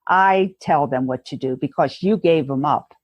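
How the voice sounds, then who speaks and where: A woman voicing her stern male inner critic, a controlling king, in her own husky voice. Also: low-pitched, moderate pace, dry recording.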